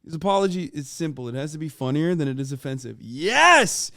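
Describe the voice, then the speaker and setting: Guy streamer ranting and swearing, smooth clear voice, dead dry room. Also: fairly high pitch, quick pace, a little mellow, no echo. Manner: profane, heated and sarcastic rants. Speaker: streamer reacting to a video. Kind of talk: casual stream commentary. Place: home.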